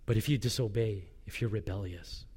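A man's voice: fairly low pitch, brisk, mellow, slightly rough. A male pastor preaching a sermon with passion, voicing a prophet's complaints in the first person.

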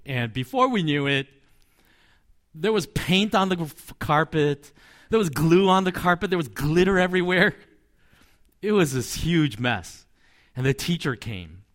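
A pastor preaches a sermon in a conversational, storytelling style, adding asides and light chuckles. His voice is a little high and a bit bright.

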